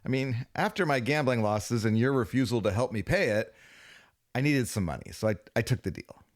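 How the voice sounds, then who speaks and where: A man co-hosting a comedic sports podcast, delivering jokes in a deadpan way. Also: medium pitch, a little fast. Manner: deadpan, joking. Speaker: podcast co-host.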